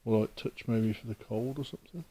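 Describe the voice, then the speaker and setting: A man investigating a castle, calling out slowly and loudly to a spirit between quiet remarks. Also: mid-range voice, breathy edge. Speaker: paranormal investigator. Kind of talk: ghost-hunt calling out. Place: old castle at night.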